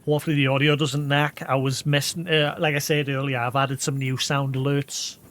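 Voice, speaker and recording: A man's voice: mid-range voice, flat delivery, brisk, fairly bright tone. A man with a Geordie accent chatting loosely on a live gaming stream, rambling with lots of "like" fillers and poking fun at himself. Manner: rambling and self-deprecating, with frequent "like" fillers. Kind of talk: casual live-stream chat while gaming.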